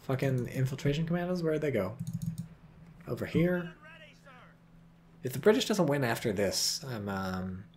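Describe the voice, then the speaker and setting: A man's voice: mid-range voice, very animated, unhurried, pauses often, darkish tone, a little hiss or hum. A man giving casual, profane, sarcastic commentary on a strategy game replay and reading viewer chat aloud.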